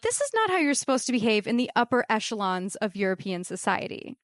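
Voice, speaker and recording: A woman's voice: a little high, sing-song, fast talker, no echo, clean studio sound. A woman doing a prim European traveler. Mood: disapproving. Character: disapproving European traveler on a boat.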